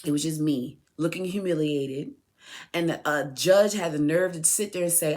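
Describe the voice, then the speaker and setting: A woman's voice: sits low, moderate pace, darkish tone. A woman speaking directly to her son in a personal podcast monologue, telling an impassioned story full of rhetorical questions and restarted phrases. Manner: heated, repeats and restarts phrases. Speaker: mother addressing her son.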